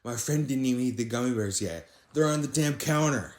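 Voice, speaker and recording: A young man casually narrating a storytime anecdote, voice jumping higher when he quotes his own disbelief. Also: brisk. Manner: animated, rises sharply when quoting himself in disbelief. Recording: echoey room.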